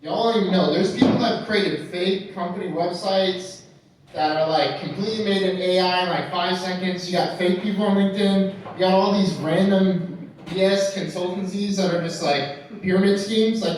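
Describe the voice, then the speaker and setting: A man doing a stand-up set, animated and swearing freely as he talks straight to the audience from a club stage. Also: high-pitched, moderate pace. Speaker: stand-up comedian. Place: nightclub stage. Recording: echoey club recorded from far off.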